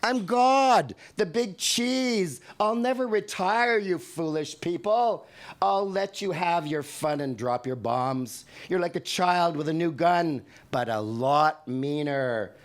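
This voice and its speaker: A man's voice: on the high side, slow pace, voice pushed up. A man voicing God as a boastful, contemptuous deity fed up with humanity, in a performed poetry reading. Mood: scornful, boastful. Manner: grandiose and contemptuous.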